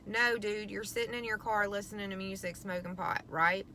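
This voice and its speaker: A woman's voice: medium pitch, fairly even intonation, normal speed, sharp tone, a little hiss or hum. A middle-aged woman venting to camera about her teenage son, frustrated, swearing often and rambling with lots of ums. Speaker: vlogger, parent of a teenager.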